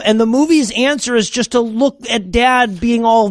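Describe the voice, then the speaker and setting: A man's voice: very high voice, normal speed, hardly any pauses, no echo, clean studio sound. A man co-hosting a comedy podcast, mocking and incredulous, swearing as he talks over a remote call. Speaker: podcast co-host. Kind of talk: casual comedic podcast chat.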